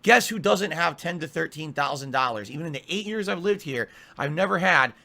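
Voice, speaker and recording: A man talks straight into his desk mic in a home office, complaining and swearing. His voice sits a touch high and comes across bright and sharp, and his exasperation keeps the delivery lively. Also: fairly quick, vocal fry. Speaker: streamer. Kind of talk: ranting stream monologue.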